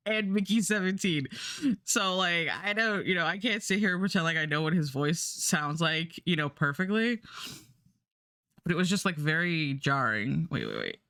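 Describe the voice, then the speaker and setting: A woman's voice: lowish voice, fairly bright tone, no room sound, clean studio sound. A woman streamer chatting casually and rambling, with many fillers and restarts. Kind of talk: casual livestream chat.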